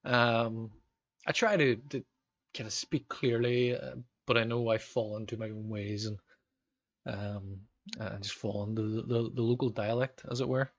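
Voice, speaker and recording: A man's voice: fairly low pitch, fairly even intonation, a little slow, dry recording, dull audio. A man in his thirties with a Northern Irish accent, streaming a football management game and chatting with viewers, rambling with lots of ums. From Northern Ireland. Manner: rambling, frequent ums, reacts to match events. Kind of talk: live gameplay commentary with chat.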